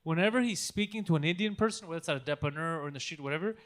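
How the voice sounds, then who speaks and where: A man with a high, bright voice hosts a casual comedy podcast. He tells a funny story, acts out the people in it and laughs along the way. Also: rapid-fire. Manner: storytelling, acts out phone calls with laughing asides. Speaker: podcast host.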